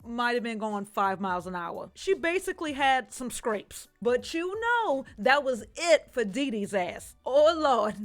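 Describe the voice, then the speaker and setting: A woman's voice: a little high, sing-song, unhurried, soft background music. A woman telling a true crime story casually, with sassy, profane comic asides.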